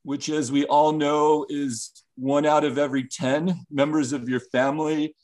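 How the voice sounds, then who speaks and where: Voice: medium pitch, flat delivery, unhurried, a little mellow, close to an everyday voice. An actor playing a stammering, flustered partner. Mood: apologetic. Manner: stammering, over-apologetic. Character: jealous, flustered partner, later a nervous board chair.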